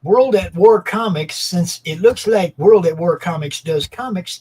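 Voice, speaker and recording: A man hosts a network livestream, hyping the viewers and giving directions in casual slang. His voice is high and husky. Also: unhurried, few pauses, darkish tone. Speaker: network host.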